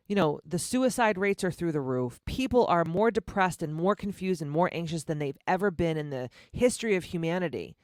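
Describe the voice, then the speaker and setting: A woman's voice: on the low side, darkish tone, no echo. Woman, forties, podcast host, impassioned, swears a lot, close dry sound. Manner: emphatic, swears freely, impassioned. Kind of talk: candid personal podcast monologue.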